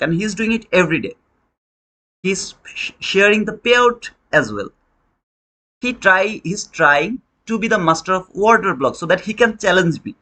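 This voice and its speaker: Guy with a high bright voice lecturing on trading, repeats himself a lot, english isn't his first language. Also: very animated, moderate pace. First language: Bengali. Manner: preachy, repetitive, calls listener brother. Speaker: trading educator. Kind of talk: motivational lecture.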